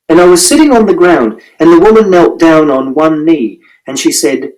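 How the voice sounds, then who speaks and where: A man's voice: on the high side, very animated, normal speed, rough recording. A man narrating an audiobook in the first person, telling events in a literal, matter-of-fact way.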